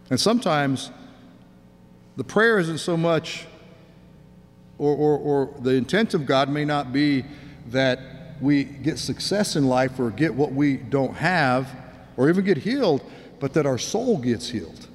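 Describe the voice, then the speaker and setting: A man's voice: a little high, in a large hall. A man preaching a sermon in an earnest way, often repeating and restarting his words.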